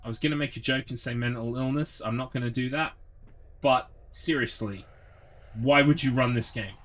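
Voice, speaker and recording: A man's voice: medium pitch, normal speed, fairly bright tone, slight background noise. A young man streaming a horror game, ranting sarcastically and swearing as he gets frustrated. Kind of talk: live gameplay commentary.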